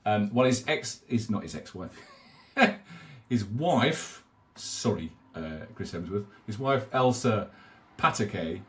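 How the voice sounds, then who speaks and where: A British man co-hosting a podcast, relaxed and rambling as he retells an advert. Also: on the low side, slow pace. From Britain. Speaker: podcast co-host. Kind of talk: casual marketing discussion.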